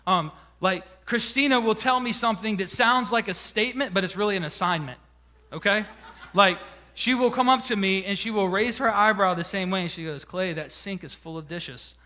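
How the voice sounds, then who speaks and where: A man preaching a sermon as pastor, conversational and playful, drawing out key words slowly for emphasis. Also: high voice, pushed and bright. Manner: conversational preaching with dramatic slowdowns.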